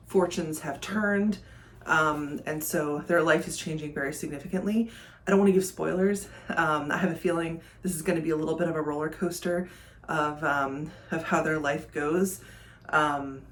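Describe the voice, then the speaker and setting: Chatty woman vlogging about books. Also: sits low. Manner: chatty, thinking aloud, many ums. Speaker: book vlogger. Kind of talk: casual reading vlog chat.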